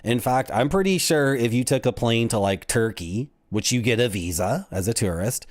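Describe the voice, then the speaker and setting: A man rambling to his viewers on a game stream, jokey and prone to silly voices. His pitch swings a lot as he talks, and the recording is close and dry with no room sound. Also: expressive, moderate pace, dry recording. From Canada. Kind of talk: casual livestream chat.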